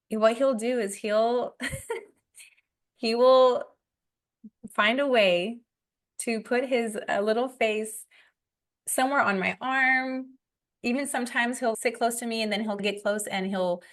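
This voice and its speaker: A woman hosting a faith and parenting conversation, speaking gently and reflectively with soft laughs. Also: medium pitch. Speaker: podcast host, parent. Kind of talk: casual conversation.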